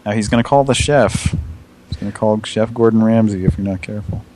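A man's voice: fairly low pitch, brisk, dark tone. A man hosting a prank call radio show, joking around in casual banter. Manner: goofy, joking, puts on silly voices.

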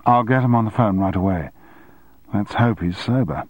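A man's voice: on the low side, animated, moderate pace, a little mellow, no room sound. A man voicing an efficient woman assistant who reports facts in a matter-of-fact way. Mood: businesslike. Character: efficient female personal assistant.

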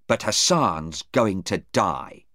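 A man's voice: deep voice, lively intonation, pushed and bright, no room sound, studio quality, exaggerated voice. A man voicing an agitated young man in a story. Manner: quick and emphatic.

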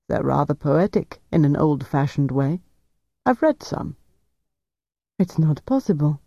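A smooth, calculating officer questions a prisoner in a gentle, coaxing tone, as a man reading a novel puts him on. The voice is mellow and dark, recorded dry and slightly dull. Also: fairly high pitch, dry recording. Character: cool, calculating male officer interrogator.

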